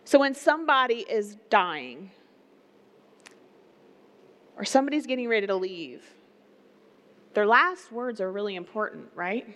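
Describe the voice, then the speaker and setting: A woman's voice: medium pitch, lively intonation, measured pace, long pauses, fairly bright tone. A woman pastor giving a sermon in an earnest, conversational way, with personal stories and questions to the listeners.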